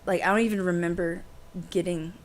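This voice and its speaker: Animated woman telling a story. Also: fairly low pitch. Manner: animated, fast, heavy use of "like". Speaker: podcast host. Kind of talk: casual storytelling to a livestream audience.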